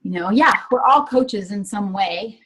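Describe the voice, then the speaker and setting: A woman's voice: medium pitch, animated, unhurried, poor audio. A woman taking part in a workshop, talking in an emotional, enthusiastic way. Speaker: workshop participant. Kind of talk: casual chat.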